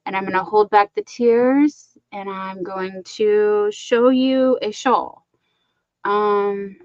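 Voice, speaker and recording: A woman's voice: medium pitch, a little mellow, no echo, muffled recording. A woman co-hosting a crochet livestream, talking in a chatty, rambling way with lots of fillers. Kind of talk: casual livestream chat.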